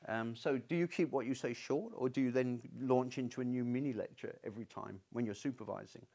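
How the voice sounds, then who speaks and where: A man's voice: mid-range voice, brisk, creaky, a little mellow. A man giving a university lecture in a conversational, unscripted way, often restarting his sentences. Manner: conversational, stubborn-toned, frequent restarts.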